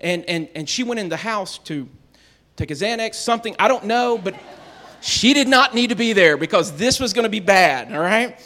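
A man's voice: sits high, animated, moderate pace, bright, forceful tone. A middle-aged man telling a family story to an audience in a folksy, self-deprecating way, often restarting his sentences. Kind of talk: animated storytelling talk.

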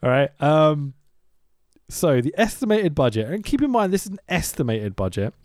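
A man chats on a podcast, his voice sitting a little high and swinging widely as he laughs and acts out scenes. The sound is close and dry, with no room around it. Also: normal speed, dry recording. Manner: animated, laughing, swearing, acting out scenes. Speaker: podcast co-host recapping a film. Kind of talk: casual chat.

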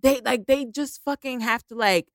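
Blunt, animated young woman, dry close sound. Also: on the high side, normal speed, no room sound. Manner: animated, blunt and profane, with lots of fillers. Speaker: podcast co-host. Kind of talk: casual chat.

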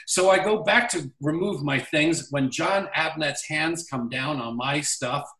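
A man spins a story from his acting career in a relaxed interview chat. He jumps into the quoted lines of the people in the story as he goes. The sound is roomy, as if he sits a little away from the mic. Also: on the high side, a little slow, distant mic. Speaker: actor guest. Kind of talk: casual anecdote storytelling.

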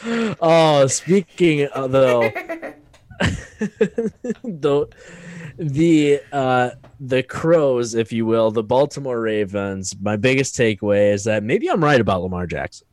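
A man's voice: medium pitch, lively intonation, measured pace, darkish tone. A man co-hosting a casual sports podcast, arguing his takes with stats and the odd swear word. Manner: opinionated, swears freely, builds arguments with stats.

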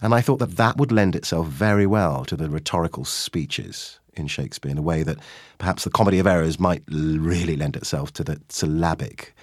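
A man, a stage actor, talking in an interview, telling stories with animated delivery and acting out quoted lines. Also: a bass voice, a little fast, dry recording, clean studio sound. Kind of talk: interview conversation.

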